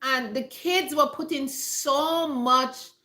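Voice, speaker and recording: A woman with a bright, sharp, fairly high voice gives casual live-stream health advice from home. She talks emphatically, hammers her points home by repeating them, and speaks straight to her viewers. The room sounds echoey. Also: slow. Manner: emphatic and repetitive, addressing viewers directly. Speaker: health talk host.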